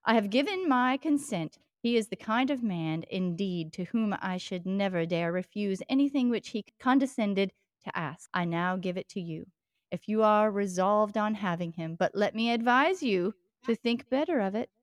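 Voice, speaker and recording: A woman's voice: mid-range voice, expressive, normal speed, dry recording, natural voice. A woman reading aloud as an old English father, in a put-on British accent, earnestly advising his daughter. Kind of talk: dramatic reading of a novel passage.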